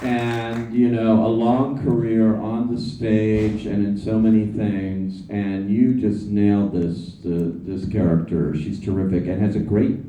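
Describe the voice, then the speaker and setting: A man's voice: lowish voice, level tone, measured pace, hardly any pauses, warm tone, a little hiss or hum. A man moderating a theater panel, chatty and hesitant with lots of fillers. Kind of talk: casual panel interview. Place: theater stage. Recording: echoey theater, distant mic.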